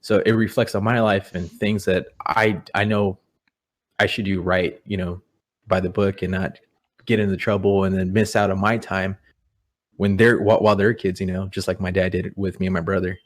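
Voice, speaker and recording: A young man telling personal stories in a relaxed, rambling way, full of "you know". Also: deep voice, moderate pace. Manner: rambling, repeats words, many "you know"s. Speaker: guest. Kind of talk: casual podcast storytelling. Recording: audio-only podcast.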